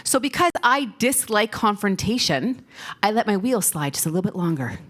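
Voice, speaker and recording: A woman's voice: medium pitch, big pitch swings, moderate pace, a bit bright. A woman giving a conference keynote on stage, telling stories playfully, laughing often and talking directly to the audience. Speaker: keynote speaker. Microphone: stage microphone.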